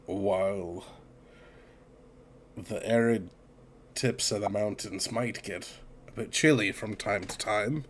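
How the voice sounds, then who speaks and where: A man narrating a tabletop game as game master, in a relaxed manner. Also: fairly low pitch, slight background noise. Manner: relaxed, slow narration with laughs.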